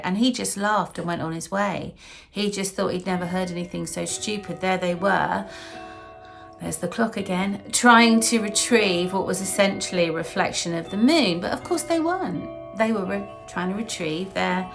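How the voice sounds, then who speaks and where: A chatty woman tells a story in her kitchen, her voice gravelly with a little fry. She talks casually to the camera and drifts into asides and fillers as she goes. Her voice sits at an ordinary middle pitch. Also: normal speed, fairly bright tone, soft background music. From Wiltshire, England. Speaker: singer-songwriter host. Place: home kitchen, indoors.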